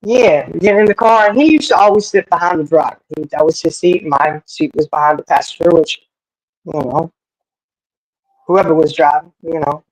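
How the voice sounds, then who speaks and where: A storyteller telling a family tale in a folksy, animated, rambling way with many asides. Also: mid-range voice, normal speed, no room sound, low-quality recording. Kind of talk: casual storytelling.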